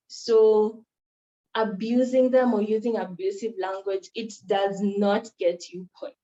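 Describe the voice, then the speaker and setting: A woman's voice: medium pitch, dark tone. A young woman from Kenya giving a workshop talk on moot court, earnest and instructive, stressing key points by repeating them. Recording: roomy, dull lo-fi sound.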